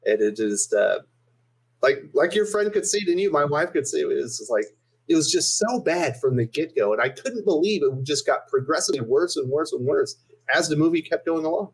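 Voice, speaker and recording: A man's voice: fairly high pitch, animated, a little fast, breathy edge, low-quality recording. A man co-hosting a podcast, telling an exasperated story in casual chat. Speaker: podcast co-host.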